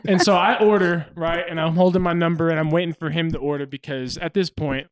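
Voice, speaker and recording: A young man tells a rambling anecdote on a podcast, his voice sitting a little high. He laughs often and slips into other people's voices as he quotes them. It sounds like easy, casual chat between friends. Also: brisk, slight background noise. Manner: animated, laughing, acts out quotes. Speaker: podcast co-host.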